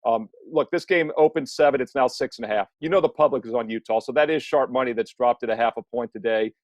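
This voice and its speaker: A man on a betting panel giving his pick, talking through numbers and trends quickly. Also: medium pitch, no echo. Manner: quick, numbers-heavy, chatty. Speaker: sports handicapper panelist.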